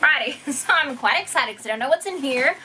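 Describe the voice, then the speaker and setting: A young woman, unboxing products in an excited, giggly vlog, exclaiming over each item. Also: sits high, brisk, slight background noise. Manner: gushing, giggly, keeps exclaiming.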